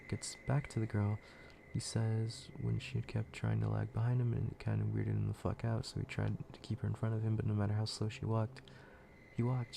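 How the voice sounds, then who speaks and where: A man's voice: on the low side, gravelly, warm tone, a little hiss or hum. A man streaming, narrating a scary story in a casual, profane, laid-back way with frequent restarts.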